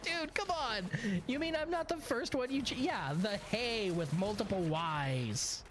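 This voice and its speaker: Animated, sarcastic male game streamer. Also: high voice, noisy background. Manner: animated, sarcastic, chuckling storyteller. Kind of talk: casual gameplay commentary and storytelling.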